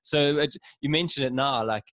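An easygoing man co-hosts a podcast and responds to his guest in an affirming tone. His voice sits at a medium pitch for a man. The recording is dry, with no room echo. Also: moderate pace, fairly bright tone. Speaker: podcast co-host. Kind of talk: casual interview conversation.

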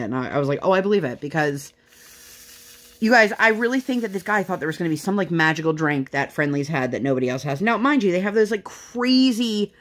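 This crafting vlogger, a young woman whose voice sits fairly low, chats casually while making something with her hands. She rambles through her stories in a relaxed way, using lots of filler words.

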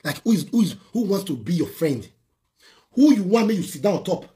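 A man's voice: sits high, big pitch swings, a little fast, warm tone. A man with a Nigerian accent, a social media personality, ranting scornfully on a live video with rhetorical questions. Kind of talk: heated live-video rant.

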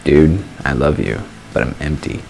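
A man's voice: rumbling low, normal speed, vocal fry, darkish tone. A young man giving casual self-help advice in a vlog, playful and self-mocking. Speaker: vlogger. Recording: music playing underneath.

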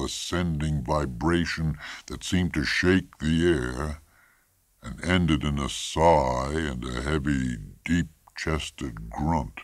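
A man narrating a literary short story in a measured, expressive audiobook reading, close to the mic. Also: rumbling low, no room sound. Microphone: close studio mic.

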